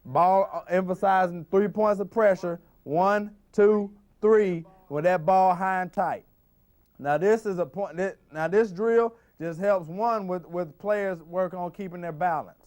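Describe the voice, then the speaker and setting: A man's voice: sits high, a little mellow. A man coaching football, explaining ball security drills on a practice field, often repeating and restarting phrases as he talks. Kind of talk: instructional drill demonstration.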